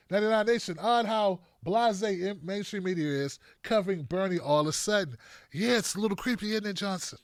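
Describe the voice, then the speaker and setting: Blunt, high-voiced male stream host. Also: a little fast, no room sound, studio quality. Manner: blunt, mocking, off-the-cuff. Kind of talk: livestream political commentary.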